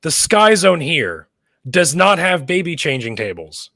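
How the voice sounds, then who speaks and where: A male livestream host with a lively, swinging pitch who talks bluntly and swears freely. His voice comes across dry and close, with no room sound, over a video call. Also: measured pace, no echo. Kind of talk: casual chat on a livestream.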